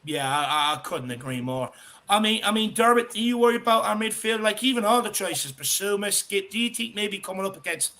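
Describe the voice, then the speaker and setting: Irish guy hosting a fan chat, high bright voice, gets all hyped and swears. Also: fairly quick. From Ireland. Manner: excitable, swears, reads viewer comments. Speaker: podcast host.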